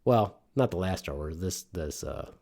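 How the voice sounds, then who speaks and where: A man's voice: low voice, animated, normal speed, creaky, mellow. A middle-aged man from Michigan hosting a casual podcast, rambling and joking with plenty of swearing. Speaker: podcast host. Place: home studio.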